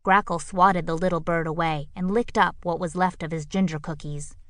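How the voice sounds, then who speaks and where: A woman narrating a children's picture book audiobook with expressive, playful storytelling on a close studio mic. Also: on the low side, moderate pace, no room sound.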